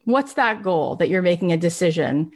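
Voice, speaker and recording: A woman giving an energetic motivational talk as host of a live online session, addressing viewers directly. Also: lowish voice, moderate pace.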